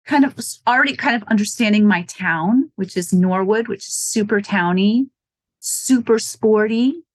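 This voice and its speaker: A woman's voice: medium pitch, no echo. A woman from Wisconsin, a shop owner, chatting in an interview, telling stories, acting out quotes and laughing often. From Wisconsin, United States. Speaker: running shoe store owner, guest. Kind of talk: casual interview chat.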